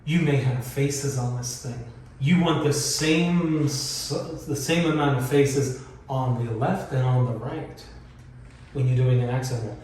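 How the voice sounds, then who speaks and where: A man's voice: mid-range voice, fairly even intonation, a little slow, a little mellow, slight background noise. A man teaching beginners how to hang wallpaper, patiently explaining each step and repeating key points as he demonstrates on a wall. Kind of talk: hands-on instructional demonstration. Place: indoor room being wallpapered. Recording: very echoey room, voice from far off, faint ambience.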